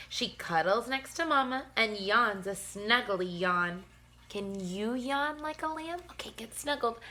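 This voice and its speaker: A woman teacher reading a bedtime picture book aloud to young children, gentle and playful, with soft sighs and yawns. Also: on the high side.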